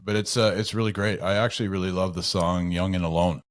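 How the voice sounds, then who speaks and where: Deep-voiced man co-hosting a podcast, dry sound. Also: fairly even intonation, quick pace, no room sound. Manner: loose and hesitant, with many fillers. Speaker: podcast co-host. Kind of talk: casual podcast chat.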